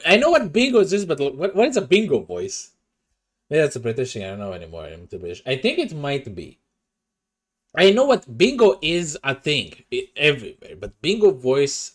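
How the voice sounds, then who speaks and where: Lively, chatty young male streamer. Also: mid-range voice. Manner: chatty, swears, self-conscious, talks to chat. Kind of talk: casual livestream chat. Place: home room. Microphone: desk microphone.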